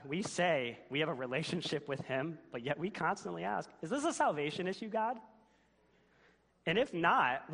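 A man's voice: mid-range voice, a bit bright. A man preaching a sermon as pastor, earnest and building to emphatic questions. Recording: long reverb of a church hall.

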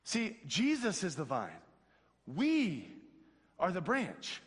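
A man preaching a youth sermon in a casual, slangy, animated way, talking straight to his audience. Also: high-pitched, slow pace, husky, big-room sound. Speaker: pastor.

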